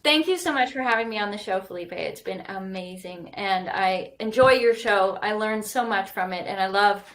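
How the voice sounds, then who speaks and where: A woman, a guest architect talking casually in a podcast interview, animated and quick to laugh. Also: mid-range voice. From Canada. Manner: animated, laughs often, playful.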